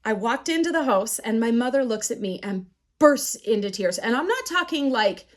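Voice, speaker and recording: A woman teaching a class on resilience, telling personal stories in a candid, animated way. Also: fairly high pitch, normal speed. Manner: candid, animated storytelling with acted quotes. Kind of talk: storytelling lecture.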